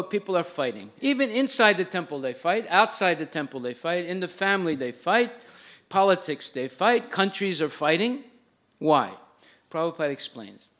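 An older man teaching a spiritual lecture in a fairly high voice. He moves between plain, patient explanation and verses recited in a chanting lilt. The talk has a steady, lecturing rhythm. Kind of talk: religious lecture.

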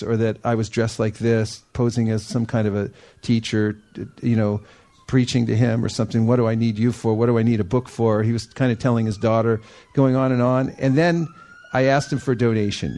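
A man giving a storytelling sermon, animated, acting out the people he quotes and laughing often. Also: medium pitch. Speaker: devotional speaker.

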